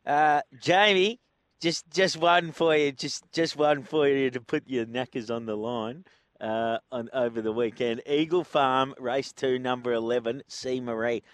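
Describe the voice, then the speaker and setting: Racing show host, dry studio sound. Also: male voice, mid-range voice, steady tone, a little slow, dry recording. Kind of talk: casual radio chat.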